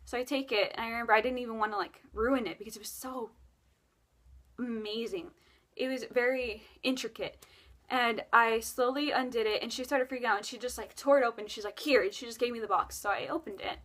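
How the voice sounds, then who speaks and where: Young woman rambling through a creepy story, lots of likes and restarts, kinda high voice. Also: fairly even intonation, brisk, fairly bright tone. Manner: rambling, with many fillers and self-corrections. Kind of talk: casual storytime vlog.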